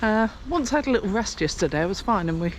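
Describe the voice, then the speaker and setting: A woman's voice: mid-range voice, lively intonation, quick pace, slight background noise. Chatty older woman vlogging outdoors. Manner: chatty and rambling, with many fillers. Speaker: vlogger walking a pilgrimage trail. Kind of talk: casual walking vlog chat. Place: outdoors on country paths.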